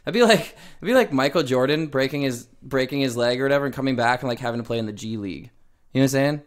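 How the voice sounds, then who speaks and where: A man's voice: mid-range voice, fast talker. A young man co-hosting a podcast in casual chat, telling stories with a laugh and acting out what others say. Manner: laughing, animated storyteller who acts out quoted voices. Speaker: podcast co-host.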